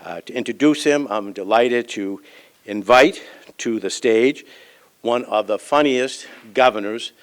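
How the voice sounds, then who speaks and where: A man hosting a breakfast forum, giving measured announcements and an introduction with frequent fillers. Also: mid-range voice. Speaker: event host. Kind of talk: formal event announcements.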